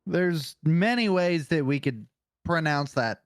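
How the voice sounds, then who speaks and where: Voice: medium pitch, expressive, slow pace, soft background music. A podcast co-host reading a comic-book character profile aloud, casual and swearing, stumbling over hard names.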